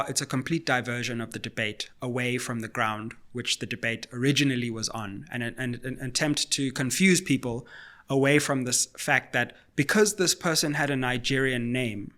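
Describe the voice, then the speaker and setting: A man from Africa, hosting a solo political commentary and arguing point by point in a questioning, measured way. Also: mid-range voice, steady tone, bright, forceful tone. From South Africa.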